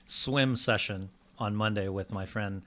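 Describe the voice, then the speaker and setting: A man, a wellness coach, guesting on a radio show, telling stories in animated style and acting out quoted voices. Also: on the low side, measured pace. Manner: animated storyteller, acts out quotes. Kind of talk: radio studio chat.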